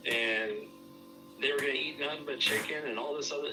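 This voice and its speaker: A man in easy podcast chat, winding through anecdotes and leaning on "I kid you not". He sits back from the microphone, so his voice sounds distant. A clear music bed plays behind him the whole time. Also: medium pitch, fairly quick. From Southern California. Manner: rambling storyteller, frequent "I kid you not". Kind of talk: casual chat.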